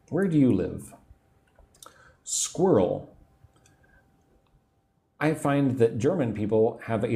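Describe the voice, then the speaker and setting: Patient American teacher in his forties, slow and mellow, with a lively, rising-and-falling delivery as he drills pronunciation. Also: medium pitch. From United States. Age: 40s. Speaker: English teacher. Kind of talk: livestream English lesson, reading viewer comments.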